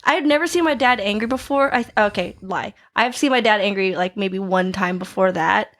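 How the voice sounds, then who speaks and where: A young woman, a jiu jitsu instructor, telling stories in casual chat with an animated, squealing delivery. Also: a little fast. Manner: animated, swings into high squeals.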